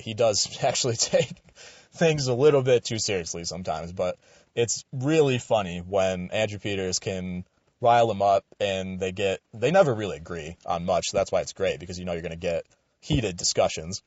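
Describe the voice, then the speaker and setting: A young man with a fairly low voice rambles through a casual sports commentary, swearing freely and getting animated. He is recorded close and dry, and the sound is a little dull. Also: normal speed, dry recording. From Western New York. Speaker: radio show commentator.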